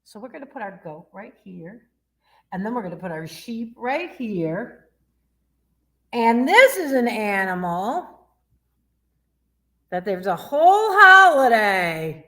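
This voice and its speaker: A woman with a mid-range voice and a sharp tone leads story time for kids. She's a youth librarian from Michigan whose sing-song delivery includes questions for the children and imitations of animal sounds.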